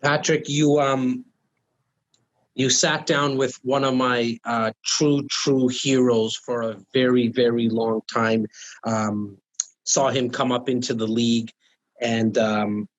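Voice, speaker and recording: A man's voice: medium pitch, fairly even intonation, slow, highs cut off. A man hosting a podcast, chatting with admiration and a few fillers. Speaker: podcast host. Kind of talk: casual interview.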